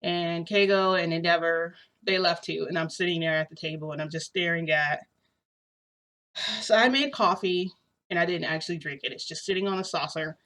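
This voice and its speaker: Woman, vlogger, low-ish voice, casual storytelling, rambling, lots of "like". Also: steady tone, normal speed, a bit bright. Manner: rambling, full of "like" and "you know".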